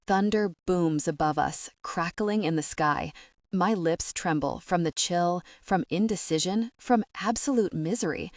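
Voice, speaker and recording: A woman's voice: lowish voice, unhurried, no echo, clean studio sound. A woman narrating a first-person romance audiobook with emotional intensity.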